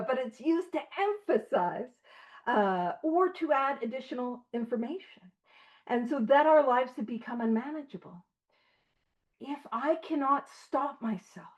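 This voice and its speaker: A woman's voice: a little high, muffled recording. A woman leading an online recovery study, talking earnestly and with emphasis, sometimes breaking off with a light aside. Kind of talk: conversational study talk. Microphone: video call.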